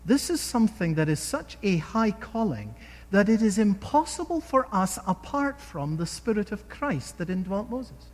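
A high-voiced male preacher delivers a sermon in a lively, swooping voice, pressing his points with rhetorical questions. His words ring out with a long reverb from the hall around him. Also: normal speed. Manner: animated, emphatic storytelling with rhetorical questions.

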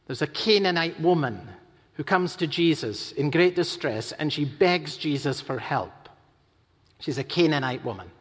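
A man delivers a sermon in a high, ringing voice. He swings between loud, urgent emphasis and slow, hushed reading of quoted lines. His voice trails off into a long hall reverb. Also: lively intonation. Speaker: preacher.

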